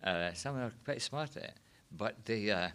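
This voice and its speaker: A man's voice: lowish voice, expressive, moderate pace, a bit bright. An older man with a Scottish accent, recalling old sayings in a rambling, casual way, full of asides. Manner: rambling, chuckling, peppered with you know. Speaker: reminiscence group member. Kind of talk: casual storytelling.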